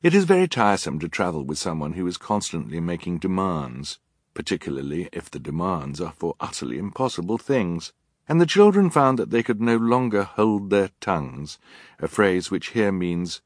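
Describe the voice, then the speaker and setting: Deep-voiced wry audiobook narrator, man. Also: sing-song, dry recording. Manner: dry, wry, deliberate.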